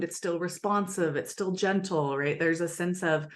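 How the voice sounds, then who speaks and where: A woman's voice: fairly low pitch, moderate pace, few pauses. A woman guest on an interview podcast, explaining things earnestly and acting out little example dialogues. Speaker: attachment expert guest.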